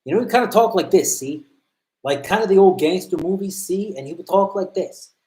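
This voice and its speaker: A man voicing a serious, fast-talking cop with a Newfoundland accent, in a clipped delivery like an old gangster movie. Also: high-pitched, animated, dark tone, voice pushed up. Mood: tough. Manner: clipped, quick, tough-guy delivery. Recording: roomy echo.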